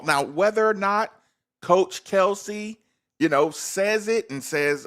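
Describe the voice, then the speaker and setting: A man's voice: high-pitched, measured pace, a bit bright. A man hosting a casual sports talk show, emphatic and repeating words for stress.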